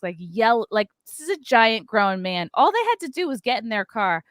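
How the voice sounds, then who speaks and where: A woman's voice: fairly high pitch, sing-song, moderate pace, few pauses, fairly bright tone, dry recording. A woman hosting a podcast, telling a story with lots of "like" fillers and acting out what people said. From New York area. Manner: acts out quotes, frequent "like" fillers. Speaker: podcast host. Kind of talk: animated storytelling chat.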